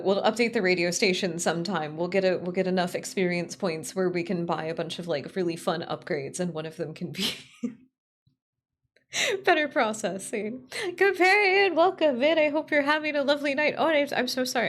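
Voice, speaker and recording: Woman VTuber streamer, casual and excitable, giggly, swears freely, average pitch. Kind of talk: casual live-stream chat.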